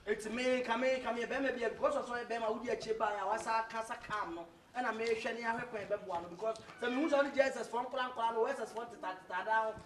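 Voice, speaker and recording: An actor with a Ghanaian accent playing a man who chases girls, talking loud, pleading pidgin in a comedy skit. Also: very high voice, steady tone, quick pace, few pauses. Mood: boastful. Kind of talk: low-budget comedy skit, mixing pidgin and Twi. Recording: echoey room from far, crowd behind.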